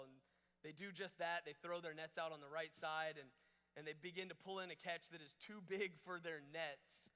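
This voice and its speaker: A man's voice: on the high side, fairly even intonation, moderate pace, pushed and bright, smooth. A man preaching a casual, storytelling youth camp sermon with playful asides. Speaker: camp speaker. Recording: long reverb of a large hall.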